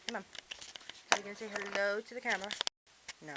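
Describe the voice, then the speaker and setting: A woman at home coaxes and teases her pet parrot in front of a camera. Her voice is mid-pitched and playful. The built-in camera mic picks up a lot of hiss and background noise. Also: fairly even intonation, quick pace, pauses often. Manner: teasing, coaxing, playful. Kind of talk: casual talk to a pet on camera. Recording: noisy home camcorder audio.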